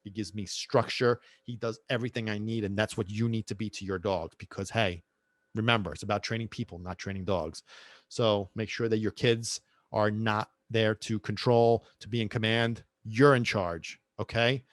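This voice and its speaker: A man's voice: on the low side, fairly even intonation, normal speed, dry recording. A man hosting a podcast, talking about his work with passion, repeating himself and preaching a little, and dropping in Italian phrases. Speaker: podcast host and dog trainer. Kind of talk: casual podcast monologue.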